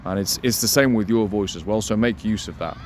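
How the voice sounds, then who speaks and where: A man coaching listeners on voice and delivery, energetic and emphatic, repeating his key points and slowing down to demonstrate. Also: a little hiss or hum. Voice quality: resonant voice. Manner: deliberately slows and lowers voice to demonstrate. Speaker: dating coach. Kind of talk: instructional talk to camera.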